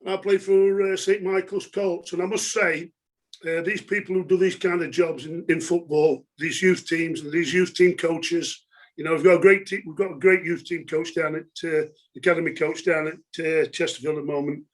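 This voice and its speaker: A man's voice: on the high side, fairly even intonation, moderate pace. A middle-aged man, telling stories from his football career in a chatty way, laughing and using lots of fillers. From England. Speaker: former footballer, guest. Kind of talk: casual storytelling interview.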